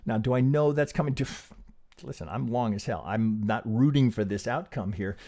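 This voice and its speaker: A man walking viewers through trading charts in a loose, animated way, often breaking off mid-sentence to redraw a line or rethink a point. His voice sits at an ordinary middle pitch, and his talk is full of restarts, asides and the odd casual curse. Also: normal speed. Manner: animated, rambling, self-interrupting, casual swearing. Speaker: trading analyst. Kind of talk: live chart analysis.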